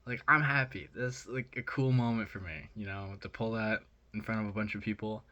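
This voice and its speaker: A young man telling a rambling, excited story in a casual vlog, with lots of fillers. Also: fairly low pitch, fairly quick, highs cut off. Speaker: vlogger.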